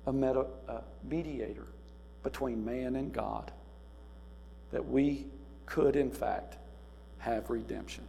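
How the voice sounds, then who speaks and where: A man delivers a sermon at an unhurried pace, his gravelly voice dropping low and then rising into loud, emphatic cries. The recording carries a long hall reverb and a faint electrical hum underneath. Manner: swings from quiet musing to loud emphatic cries. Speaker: preacher.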